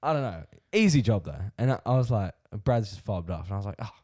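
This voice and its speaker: A young Australian man with a fairly low voice tells a rambling story on a podcast. He uses a lot of slang and chuckles as he talks. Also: big pitch swings, fast, darkish tone. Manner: laughs through his own story, slangy. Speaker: podcast co-host. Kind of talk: casual storytelling chat.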